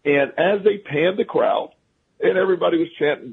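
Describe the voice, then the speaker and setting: Male radio guest, raspy and gravelly, loose rambling storyteller, phone-quality audio. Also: fairly high pitch, expressive, fairly quick. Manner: rambling, restarts often, chuckles at his own stories. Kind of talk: casual storytelling on a talk radio show. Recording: phone-line radio call.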